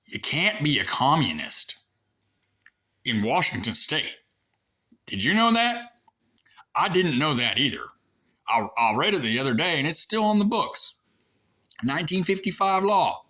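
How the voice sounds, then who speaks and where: A man's voice: a little high, very animated, a little slow, long pauses, sharp tone. A man with a rural American accent, rambling through a sarcastic, coarse, folksy rant. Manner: sarcastic, ranting, digressive. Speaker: vlogger airing grievances. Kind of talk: rambling monologue to camera.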